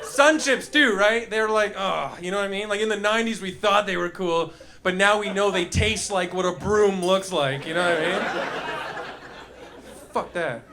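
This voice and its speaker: A man's voice: high-pitched, normal speed, noisy background. A man doing loose, profane stand-up comedy, riffing with the audience and making yelping sound effects. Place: comedy club stage with live audience.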